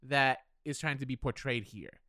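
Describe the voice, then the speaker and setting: A man's voice: medium pitch, moderate pace, bright, forceful tone, no echo, clean studio sound. A man co-hosting a podcast, giving candid, opinionated takes on films in a casual chat and owning up to his own bias. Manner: opinionated, candid, self-deprecating. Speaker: podcast co-host. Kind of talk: casual film discussion.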